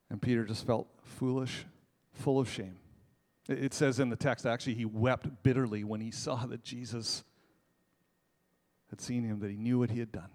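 In a mid-range voice, a man delivers a sermon as pastor, alternating quiet, intimate moments with loud, fervent ones. Along the way he makes casual asides and poses rhetorical questions to his congregation.

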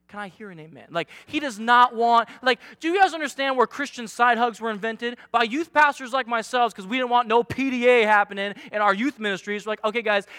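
A young male youth pastor preaching with a very high, bright voice. He jokes at his own expense and keeps up lively, energetic momentum. The sound is close and dry. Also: dry recording. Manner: energetic, joking, self-deprecating. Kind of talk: sermon.

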